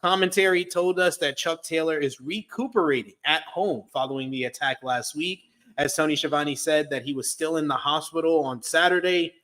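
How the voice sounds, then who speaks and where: A man's voice: on the high side, moderate pace, a bit bright. A man co-hosting a wrestling review show, reading a blunt, wry recap of the episode.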